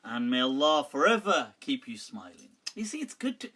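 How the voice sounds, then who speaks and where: A man hosting a live question-and-answer show, telling stories in an animated way, ranting with mock exasperation and laughing often. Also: mid-range voice, normal speed. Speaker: mufti answering viewer questions. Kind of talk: live Q&A chat.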